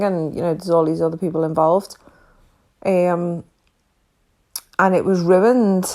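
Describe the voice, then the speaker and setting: A woman hosting a podcast from her couch at home, ranting about true crime in an exasperated, animated way, full of rhetorical questions. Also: fairly low pitch. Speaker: podcast host. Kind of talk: casual true-crime rant.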